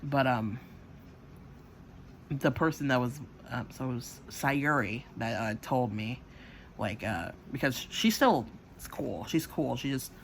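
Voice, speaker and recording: A man's voice: mid-range voice, slow pace, a bit bright. A man rambling through a personal story in an everyday mid-range voice, piling on fillers and swears. He acts out the lines of others as he goes. A faint background noise sits under his voice. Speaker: channel host. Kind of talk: casual storytelling.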